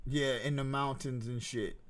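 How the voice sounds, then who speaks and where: A man hosting a casual podcast, speaking at an ordinary middle pitch. He tells stories loosely, in slang, with lots of fillers and restarts. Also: steady tone, measured pace, a crowd in the background. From Jamaican family. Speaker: podcast host. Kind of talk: casual chat.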